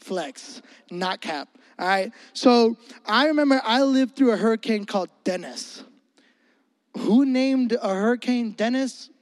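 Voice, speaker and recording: High-voiced animated preacher, dry sound. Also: male voice, a little slow, no room sound. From Florida. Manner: animated and comedic, acting out scenes. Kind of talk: sermon.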